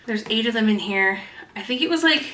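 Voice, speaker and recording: A woman's voice: a little high, lively intonation, fairly quick, sharp tone, echoey room, a little hiss or hum, rough recording. A woman in her thirties chatting casually at home about her grocery haul, rambling with fillers. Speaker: vlogger. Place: home kitchen.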